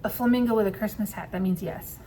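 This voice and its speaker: A woman telling a personal story to camera in a casual vlog, candid and quick to swear and laugh. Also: mid-range voice, warm tone, slight background noise. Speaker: vlogger.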